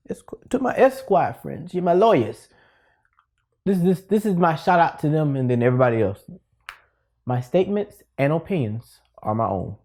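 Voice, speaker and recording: A teacher who hosts education videos gives a casual lesson for teachers, playful and conversational with lots of asides. His voice is high-pitched with a darkish tone.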